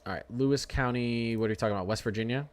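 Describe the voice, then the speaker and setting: A man's voice: medium pitch, racing. A young man hosting a casual live weather stream, rambling, ranting and talking straight to his chat. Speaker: weather livestream host.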